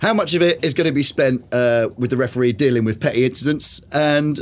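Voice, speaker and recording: A man's voice: medium pitch, brisk, a little hiss or hum. A man hosting a casual football chat in a studio, joking, laughing often and putting questions to his panel. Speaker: podcast host.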